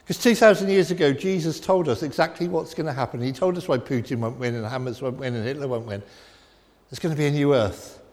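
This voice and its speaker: Preacher in an echoing church. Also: male voice, mid-range voice, quick pace. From England. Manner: emphatic and repetitive, swinging from loud declarations to quiet reflection. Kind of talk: sermon. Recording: long reverb of a church hall.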